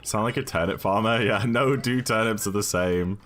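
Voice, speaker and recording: A man's voice: on the low side, normal speed, fairly bright tone. A British man streaming a video game, chatting casually and thinking aloud while answering viewers' questions. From United Kingdom.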